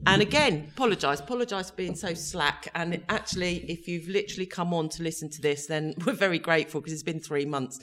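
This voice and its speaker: A woman's voice: on the low side, fast talker, hardly any pauses, a bit bright. A woman co-hosting a podcast in casual chat, giggling often and talking playfully. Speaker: podcast co-host.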